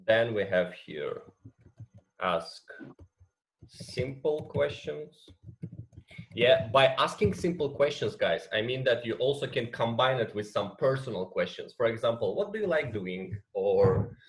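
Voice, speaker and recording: Slow, hesitant Azerbaijani-accented man. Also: mid-range voice, lively intonation. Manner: hesitant, many fillers and "yeah?" checks. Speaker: teacher trainer. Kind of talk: online training session.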